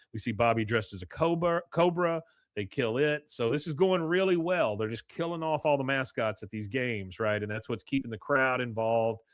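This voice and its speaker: A man's voice: medium pitch, no echo, clean studio sound. Laughing man recapping a cartoon episode. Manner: animated retelling, reads out quotes with laughs. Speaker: podcast host. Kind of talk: casual chat recapping an episode.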